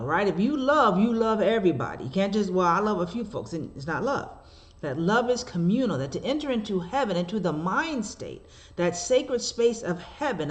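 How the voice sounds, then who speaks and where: A woman minister delivers a sermon and tells stories in an animated way, tossing rhetorical asides to her listeners. When she reads scripture she slows down and measures out each phrase. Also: medium pitch.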